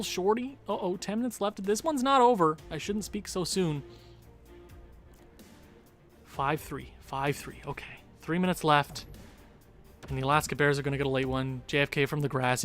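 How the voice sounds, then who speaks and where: Excitable male streamer losing his voice. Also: sits high. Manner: excitable, groans and cheers at each goal. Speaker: gaming streamer. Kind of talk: live gameplay commentary.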